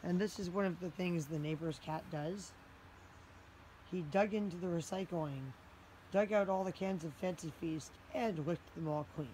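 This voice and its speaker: A woman's voice: lowish voice, moderate pace, mellow, a little hiss or hum. A woman vlogging outdoors by her house, chatty and exasperated, with lots of "like" fillers as she retells her day. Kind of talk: casual vlog narration.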